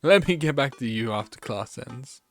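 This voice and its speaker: A man's voice: mid-range voice, animated, moderate pace, gravelly, a bit bright, soft background music. A friendly, joking teacher and dad from a dating game, as a man reads his messages aloud. His voice moves up and down a lot while he reads.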